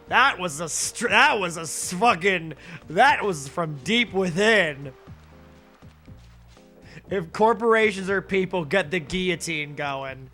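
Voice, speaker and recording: A man's voice: a little high, expressive, slow, pauses often, sharp tone, faint music behind. A young man streaming from home, ranting heatedly and with lots of swearing into a desk microphone. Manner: heated, profane ranting with sarcastic asides. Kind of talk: casual angry rant while streaming a game.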